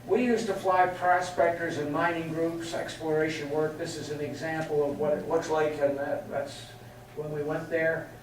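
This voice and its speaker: An older man from England gives a chatty, anecdotal talk, his voice sitting a little high for a man. He is picked up from a distance in a very echoey hall, with a faint hiss of noise underneath. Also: flat delivery, moderate pace. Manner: anecdotal, chatty, laughs at his own stories. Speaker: guest speaker. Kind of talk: storytelling talk. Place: meeting hall.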